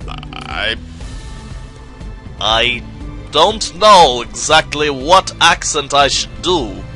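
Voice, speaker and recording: Young male gaming commentator, sweary, high-pitched, quiet music bed. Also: slow. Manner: swears often, excitable.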